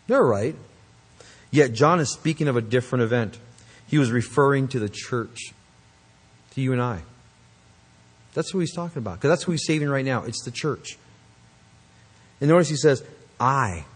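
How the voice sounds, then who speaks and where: A man's voice: medium pitch, expressive, normal speed, long pauses, slightly rough. A man preaching a sermon, emphatic and earnest, with conversational asides to the congregation. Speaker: pastor.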